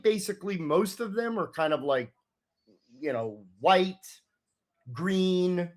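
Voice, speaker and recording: Rambling tabletop game master. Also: mid-range voice. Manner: rambling, lots of fillers, describing scenes.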